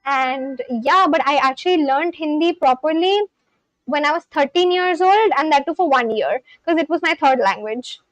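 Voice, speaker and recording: Young indian woman streamer, high bright voice, dry close sound, answers chat casually. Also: normal speed, no room sound, low-quality recording. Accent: Indian English. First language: Marathi. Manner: chatty, reads out and answers chat comments; frequent ums and likes. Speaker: livestreamer.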